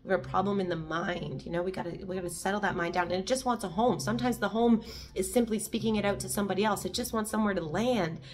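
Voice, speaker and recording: A woman hosting a daily reflection video, reading and musing on a meditation in an earnest, heartfelt, gently encouraging way, emotional and near tears. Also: mid-range voice, fast.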